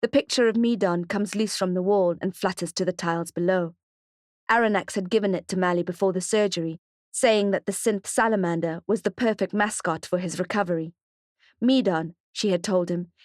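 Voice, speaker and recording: A woman's voice: fairly low pitch, a little fast, a little mellow, no echo. Woman narrating an audiobook, dry close sound. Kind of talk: scripted narration.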